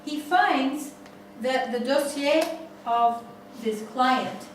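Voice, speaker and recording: A woman leading a family constellation seminar, telling a case story slowly with many restarts. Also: high-pitched, slight background noise. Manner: slow, halting storytelling with restarts. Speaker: seminar facilitator. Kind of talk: guiding a family constellation exercise. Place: seminar room. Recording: echoey room, far from mic.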